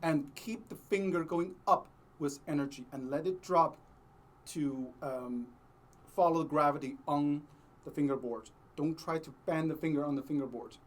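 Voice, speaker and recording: A man teaching a cello lesson, explaining slowly and patiently with many pauses, sometimes singing the phrases he means. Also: on the high side. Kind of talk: music lesson with sung demonstrations.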